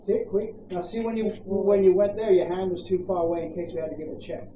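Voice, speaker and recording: Australian dog trainer, coaching owners, brisk commands, echoey, mid-pitched voice. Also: flat delivery, highs cut off. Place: outdoors at a campground. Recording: echoey, distant, noisy outdoor ambience.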